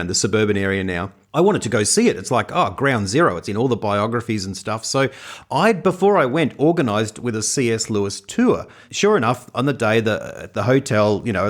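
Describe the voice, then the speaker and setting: Lively Australian man telling a story. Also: on the low side. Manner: animated, laughing storyteller. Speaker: podcast co-host. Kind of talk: casual chat, storytelling.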